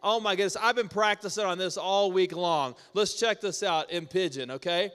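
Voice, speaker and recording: A man preaching a conversational sermon in a church, energetic and asking the congregation questions. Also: sits high, moderate pace, smooth. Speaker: pastor. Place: church auditorium. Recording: echoey church hall.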